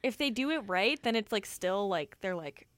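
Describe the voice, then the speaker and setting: A woman's voice: mid-range voice, expressive, normal speed, smooth, no room sound. A young woman co-hosting a radio show, chatting casually and sharing opinions, laughing often. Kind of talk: casual chat.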